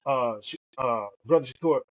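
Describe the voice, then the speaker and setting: A man's voice: medium pitch, moderate pace. Emphatic man on dull lo-fi audio. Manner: emphatic, repeats words, says "man" often. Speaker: podcast co-host. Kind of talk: storytelling in conversation. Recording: dull lo-fi sound.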